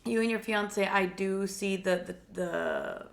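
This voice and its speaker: A woman with a sore, slightly gravelly throat gives psychic readings on a live stream. She keeps her voice low and soft, trailing and repeating words as she reaches for what she senses. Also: slow pace. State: sore throat, speaking quietly. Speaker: psychic reader, co-host.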